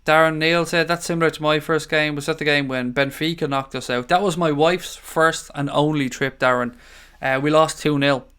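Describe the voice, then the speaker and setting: A man's voice: on the high side, fairly even intonation, normal speed, a bit bright, clear, resonant tone. An Irish man hosting a casual live stream, reading out viewer comments and greeting people as mate and buddy. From Ireland. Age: adult father of young children.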